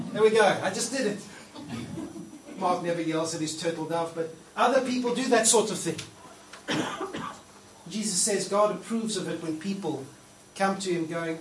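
A pastor preaching in a church hall speaks in a high voice at normal speed. His style is casual and playful as he acts out quoted prayers, and the echoey room, distant mic, and faint noise color the recording.

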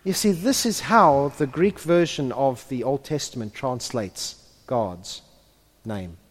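A man preaching a sermon who builds to impassioned, near-shouted peaks and then drops to hushed tones. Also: medium pitch, expressive, slow. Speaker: pastor. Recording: long hall reverb.

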